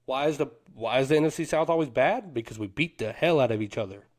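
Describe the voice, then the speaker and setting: A man's voice: medium pitch, quick pace. A man co-hosting a sports podcast, talking with hyped, boastful energy and Southern slang. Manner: fired-up, boastful fan talk with Southern slang like "them boys" and "cuz". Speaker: podcast co-host.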